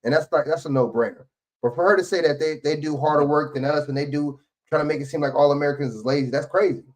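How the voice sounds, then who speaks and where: A man's voice: a little high, fast, rough recording. A man co-hosting an online show, venting in frustrated casual commentary, often repeating "you know what I'm saying". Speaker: co-host.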